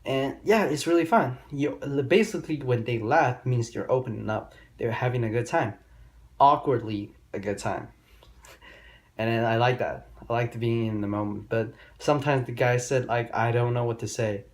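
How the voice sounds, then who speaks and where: A man's voice: medium pitch, moderate pace. Rambling young man, casual vlog talk. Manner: rambling, profane, loose grammar. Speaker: vlogger giving dating advice. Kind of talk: casual storytelling monologue.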